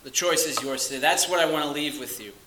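A man preaching a sermon with a bright, forceful voice. He is earnest and emphatic, leaning slowly on key words and then dropping low. The room around him rings with echo. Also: a little hiss or hum. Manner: earnest, emphatic, with slow stressed phrases and dropping to quiet asides.

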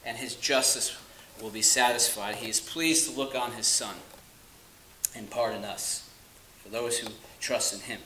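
Guy preaching a sermon, bright forceful voice, earnest and emphatic, echoey room. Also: medium pitch, steady tone, a little hiss or hum. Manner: earnest, emphatic, with slow stressed phrases and dropping to quiet asides.

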